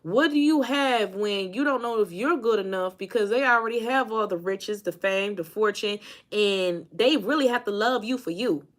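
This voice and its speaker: A woman's voice: medium pitch, moderate pace. A woman from Indiana, a life coach, giving an emphatic, casual motivational talk to her viewers, repeating phrases and calling them y'all.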